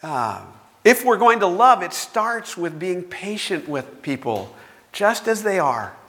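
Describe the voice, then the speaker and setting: A man's voice: sits high, very animated, slow, fairly bright tone. A man preaching a sermon, telling stories with self-mocking humor. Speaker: pastor. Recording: long reverb of a large hall.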